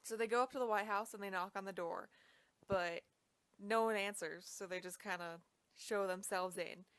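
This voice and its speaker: A woman's voice: medium pitch, normal speed, a bit bright, clear, resonant tone, dry recording. A young woman casually retelling a history story, chatty and full of fillers. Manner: chatty, lots of "like".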